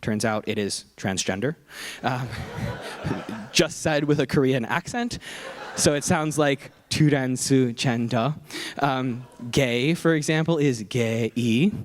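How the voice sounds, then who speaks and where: A young man delivering a keynote as an easygoing, conversational story. His voice sits at an ordinary middle pitch, and he keeps the tone light and self-deprecating, with a comic touch. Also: unhurried. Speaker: keynote speaker.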